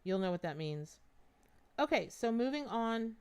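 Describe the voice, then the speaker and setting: A woman's voice: fairly high pitch, big pitch swings, measured pace, clear, resonant tone. A woman giving a tarot reading on a live stream, chatty, repeating words for emphasis and talking straight to her viewers. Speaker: tarot reader.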